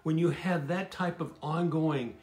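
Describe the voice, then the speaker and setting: An older man, a pastor, giving a slow, emphatic devotional talk and softly repeating key phrases. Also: fairly high pitch, soft background music. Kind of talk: sermon-style devotional talk. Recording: roomy echo.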